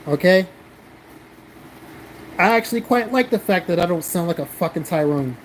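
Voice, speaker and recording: A man's voice: high voice, lively intonation, moderate pace, pauses often, poor audio. A blunt male streamer from the American South swears freely as he answers his chat. His talk is casual and defensive, with a faint hum of background noise behind it. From South Carolina, American South. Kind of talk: casual live-stream chat reading comments.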